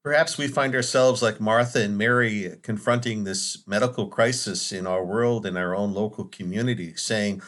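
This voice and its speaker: A man speaking as a Catholic priest, giving a Sunday homily in an earnest, measured way with dramatic pauses. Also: lowish voice, fairly bright tone.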